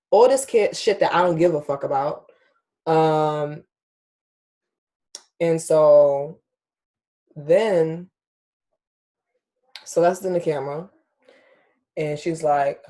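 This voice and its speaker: A woman's voice: sits low, takes it slowly, long pauses, mellow. A young adult woman hosting a podcast, telling a personal story in casual chat, candid and emotional, swearing freely and talking straight to her listeners. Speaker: podcast host.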